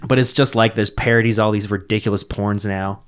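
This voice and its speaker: A man's voice: on the low side, brisk, clear, resonant tone. A young man in casual chat who tells stories with animation and acts out the voices as he goes. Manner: animated storyteller, acts out every voice.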